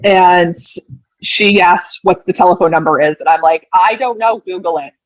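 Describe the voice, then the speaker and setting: A woman in her thirties, a podcast guest, tells a personal story in a casual, lively way, acting out the lines people said. Her voice is on the low side at normal speed. The recording is dry and muffled.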